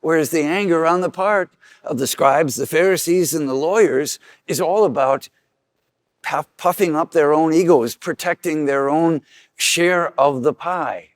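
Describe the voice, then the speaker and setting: A man's voice: unhurried, dry recording, studio quality. Earnest man preaching a homily. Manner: earnest preaching, acts out quoted voices with rising pitch. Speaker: priest.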